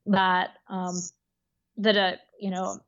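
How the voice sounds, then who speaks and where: Woman guest, reflective and halting, mid pitch, slightly dull lo-fi recording. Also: little pitch movement. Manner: thoughtful, halting, many fillers and restarts. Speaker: guest author. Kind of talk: casual podcast conversation.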